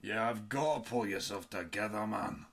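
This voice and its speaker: A man's voice: lowish voice, normal speed, gravelly, fairly bright tone. A man voicing a tall, lanky male guard who speaks bluntly through a strong, muddying accent. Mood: urging. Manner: blunt, words muddied by a heavy accent.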